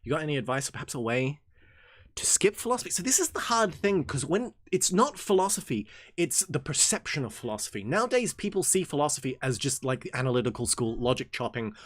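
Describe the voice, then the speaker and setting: Young man, reading-group host, jokey tangents, lively rising pitch, dry close sound. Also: quick pace, no echo. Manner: animated and jokey, swings from excited outbursts to low mumbles; reads passages aloud, then rambles in tangents. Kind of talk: casual reading and commentary livestream.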